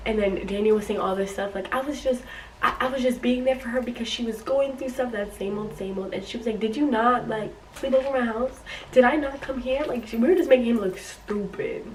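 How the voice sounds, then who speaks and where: Young woman, storytime vlog, animated quoting, roomy echo, slightly distant mic, faint background noise. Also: fairly high pitch. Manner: animated retelling, acts out quotes. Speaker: YouTuber.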